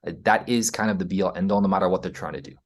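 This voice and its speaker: A man's voice: low-pitched, very fast. A man with an American accent, a podcast guest explaining his ideas in casual interview talk, earnest, often checking in with "right?". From United States. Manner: earnest, explaining, frequent "right?" tags and restarts.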